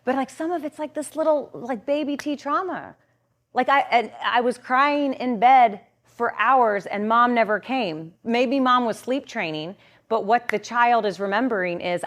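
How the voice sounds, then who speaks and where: A woman's voice: a little high, a little slow, a bit bright. A woman guest coach explaining in a masterclass talk, earnest, with many filler words and restarts. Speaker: guest coach on trauma and the nervous system.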